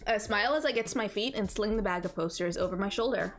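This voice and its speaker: A woman streamer reading a visual novel aloud and riffing on it, animated and playful, repeating phrases for laughs. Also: medium pitch, fast talker, faint music behind. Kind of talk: let's-play commentary and visual novel narration.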